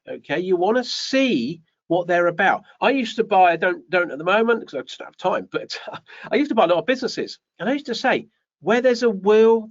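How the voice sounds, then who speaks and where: Animated man, higher voice. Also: dull audio. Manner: animated, rhetorical questions, repeats phrases. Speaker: host. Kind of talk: live show giving business advice.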